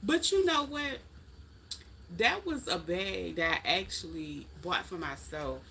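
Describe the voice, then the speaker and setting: A middle-aged woman talks casually on her live stream with a bright, sharp tone. She is chatty and folksy and speaks straight to her viewers. There is a faint hum of room noise behind her. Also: lowish voice, lively intonation, measured pace, gravelly. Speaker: livestream host chatting with viewers.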